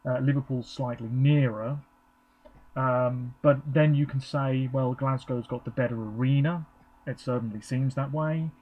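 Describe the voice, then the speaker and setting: Speaking at an unhurried pace, a male vlogger from England offers casual, rambling live reaction commentary full of ums. His mid-range voice keeps a steady tone, and the sound quality is lo-fi.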